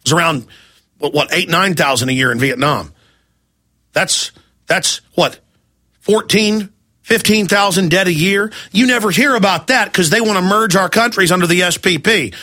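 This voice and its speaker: Male talk radio host, ranting hard, high forceful voice, fires off angry questions. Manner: angry, ranting, rapid-fire rhetorical questions. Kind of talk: heated talk radio rant.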